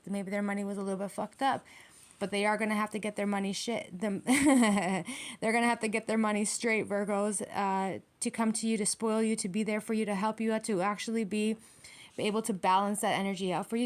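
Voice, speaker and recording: A woman giving a casual tarot reading, talking bluntly with lots of swearing and emphatic rhetorical questions. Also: mid-range voice. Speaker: tarot reader.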